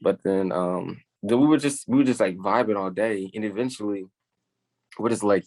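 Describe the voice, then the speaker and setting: A man's voice: lowish voice, fairly quick, darkish tone, no room sound. A young man hosting a podcast, telling a long story in a rambling, casual way, full of likes and restarts. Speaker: podcast host. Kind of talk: casual chat.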